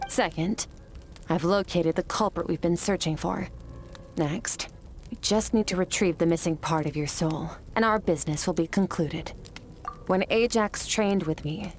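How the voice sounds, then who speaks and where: An actress voicing an aloof, powerful swordswoman mentor who speaks calm, clipped and matter-of-fact. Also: on the low side, slight background noise, close to an everyday voice.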